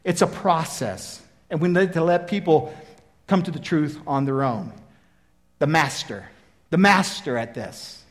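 This sermon comes from a high-voiced male preacher whose manner is homey and chatty. He performs the Bible's dialogue animatedly, and his pace is a little slow.

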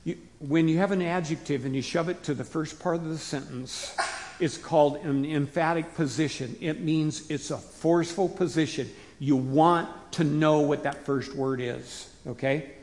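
Folksy pastor preaching in a reverberant hall. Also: male voice, a little high. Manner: folksy, rises to emphatic bursts and drops to quiet asides. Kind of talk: conversational sermon. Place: church sanctuary.

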